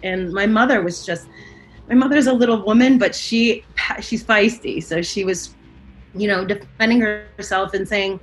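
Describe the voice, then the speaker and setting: A woman's voice: mid-range voice, moderate pace, faint music behind, poor audio. A woman recalling a frightening childhood incident in an interview, speaking hesitantly with fillers and restarts that grow intense. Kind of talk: emotional personal recollection.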